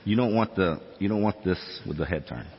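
A man's voice: sits low, lively intonation, brisk, long reverb tail, highs cut off. A man in his forties preaching a sermon, chatty and self-deprecating, reading scripture aloud. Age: 40s. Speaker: pastor. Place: church sanctuary.

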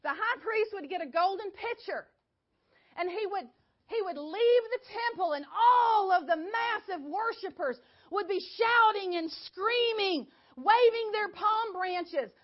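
A woman teaching a Bible class in an animated way, often quizzing her listeners. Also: extremely high pitch, unhurried, dull audio.

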